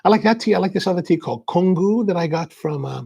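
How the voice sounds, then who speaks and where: A man hosts a relaxed coffee livestream and chats his way through viewer comments. His voice sits a touch higher than most men's and has a gravelly, husky edge. He talks in a loose, rambling way, full of "like". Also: fast talker. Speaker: coffee show host. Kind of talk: casual livestream chat answering viewer comments.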